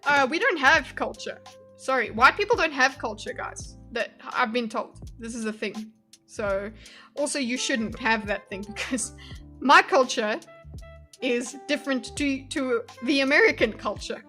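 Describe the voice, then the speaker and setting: A woman's voice: high-pitched, lively intonation, a little slow, sharp tone, faint music behind. A woman from Spain giving casual, chatty reaction commentary, swearing and laughing as she gets heated. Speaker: video commentator.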